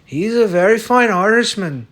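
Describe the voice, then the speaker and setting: A man plays a stubborn, boastful fellow who insists he is Irish. He talks bluntly and swears freely. His voice sits high and swings in lively leaps, with a loud, keyed-up delivery. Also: normal speed. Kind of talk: comic sketch over a fantasy lineup.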